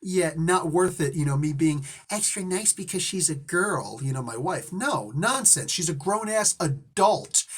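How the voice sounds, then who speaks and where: A man's voice: a little high, a bit bright, slightly rough. A man hosting his channel, telling a personal story in a rambling, indignant way. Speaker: host. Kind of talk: casual storytelling.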